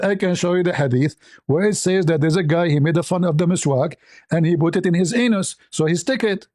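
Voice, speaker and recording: A man's voice: a little high, a little mellow, no room sound, clean studio sound. A man giving sarcastic solo commentary, mocking and incredulous, who often repeats himself. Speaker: online commentator.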